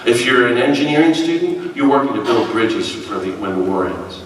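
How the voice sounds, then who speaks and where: A man's voice: mid-range voice, brisk, distant mic, a little hiss or hum. Man preaching in an echoey hall. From United States. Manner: animated, self-deprecating humor, acts out quotes. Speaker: priest giving a keynote speech. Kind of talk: storytelling keynote speech.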